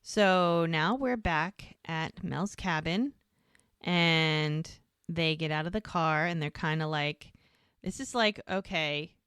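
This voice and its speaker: A woman's voice: low-pitched, slow pace, fairly bright tone, smooth, no room sound, clean studio sound. A woman co-hosting a podcast, casually recapping scenes and acting out the characters' lines. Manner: retells scenes acting out both sides in quotes. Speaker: podcast co-host.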